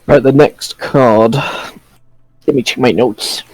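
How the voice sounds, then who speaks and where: A man's voice: medium pitch, slow, a little mellow, husky, no room sound, low-quality recording. A man playing a tabletop game, making offhand, brief remarks. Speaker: player. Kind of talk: casual tabletop game play.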